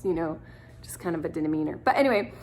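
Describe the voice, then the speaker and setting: A thirtysomething woman who is an adoptive mother chats to the camera, rambling through stories and filling gaps with lots of fillers. She speaks quickly and expressively in a low, slightly mellow voice.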